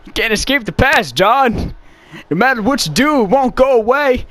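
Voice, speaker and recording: A man's voice: very high-pitched, lively intonation, moderate pace, a bit bright, dry recording, voice pushed up. A man voicing an outlaw gang leader in a theatrical, declaiming manner. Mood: menacing.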